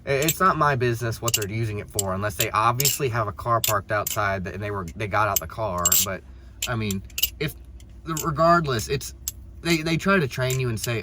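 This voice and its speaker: A man's voice: fairly low pitch, brisk. A young man telling a casual story while driving, rambling, with many restarts and an exasperated tone. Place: in a car. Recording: noisy background.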